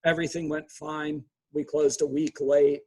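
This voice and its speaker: A man, a real estate agent, bluntly retelling a tense client call in a casual monologue, with quick restarts. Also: fairly high pitch, little pitch movement, warm tone, low-quality recording.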